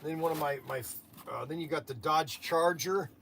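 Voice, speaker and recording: A man's voice: a little high, moderate pace, vocal fry, a bit bright, slight background noise. A man hosting a casual livestream, talking in a chatty, rambling way, laughing often and restarting his sentences. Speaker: livestream host.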